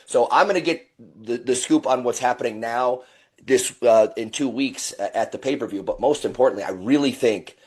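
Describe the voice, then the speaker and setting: A man's voice: medium pitch, normal speed, breathy edge. A man speaking as a pro wrestler in a backstage interview, earnest and rambling, correcting himself mid-sentence.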